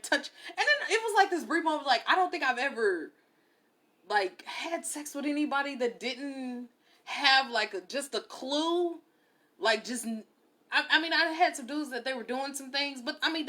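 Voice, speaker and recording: A young woman hosting a podcast, telling a story in a candid, blunt, animated way. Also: high-pitched. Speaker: podcast host. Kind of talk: casual storytelling monologue.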